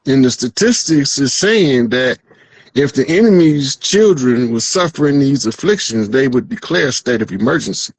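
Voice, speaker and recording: A man's voice: mid-range voice, expressive, normal speed, husky, no room sound, low-quality recording. A male guest talking in a proud, slangy, preacher-like way in casual conversation.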